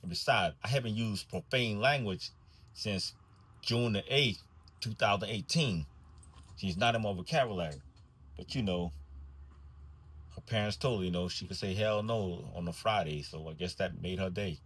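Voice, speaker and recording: A man with a low, husky voice spins a comic storytime about his days behind the wheel of a school bus. He drawls his lines with wry, deadpan timing. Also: moderate pace.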